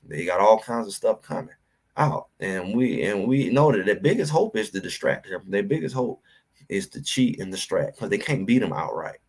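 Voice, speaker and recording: Low-voiced man ranting about football. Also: normal speed, vocal fry. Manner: animated, preachy rant, addresses chat directly. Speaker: sports talk host. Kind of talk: livestream sports commentary.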